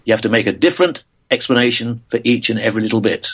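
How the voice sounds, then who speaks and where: Older english guy, physicist on an interview show, halting, lots of uhs and restarts. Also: mid-range voice, breathy edge. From England. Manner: thoughtful, many uhs and restarts. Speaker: physicist and author guest. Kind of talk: interview answers.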